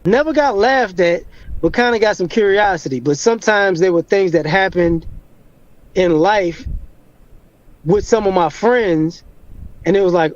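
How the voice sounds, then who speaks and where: A man's voice: sits high, a little slow, long pauses, dry recording, muffled recording. A man telling a personal story in a rambling, casual way over a video call with a choppy, broken-up connection. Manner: rambling, lots of fillers and restarts. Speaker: guest.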